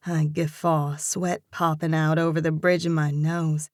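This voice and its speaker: A woman narrating a first-person romance audiobook with an expressive, lively character reading. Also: deep voice, a little slow, dry recording, studio quality.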